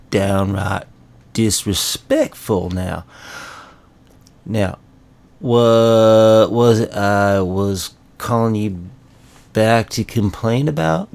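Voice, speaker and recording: A man putting on a boozy, blustering small-town sheriff from the American South for a comedy radio bit. The voice is low, with a pompous, slurry drawl that takes its time over every word, and a thick Southern accent. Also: darkish tone.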